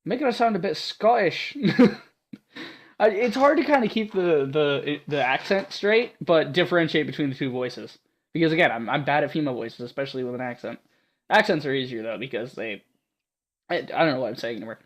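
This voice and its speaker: A man's voice: on the high side, animated, normal speed. Man narrating a visual novel, joking. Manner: self-mocking, stumbling over reading. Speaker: gaming YouTuber. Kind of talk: let's play narration and commentary.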